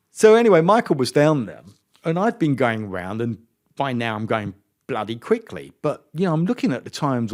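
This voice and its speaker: A middle-aged man, a former racing driver and podcast guest, telling a story in a lively, self-mocking way and acting out the dialogue. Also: medium pitch. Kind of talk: anecdotal storytelling interview.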